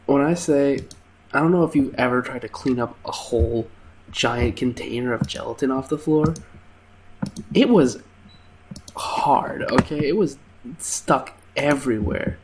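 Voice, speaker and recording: A man's voice: medium pitch, a little mellow, slight background noise. A young man hosting a gameplay video, casually telling funny stories from his waiter days, with lots of fillers and laughs. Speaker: gaming channel host telling work stories. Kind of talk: casual storytelling over gameplay.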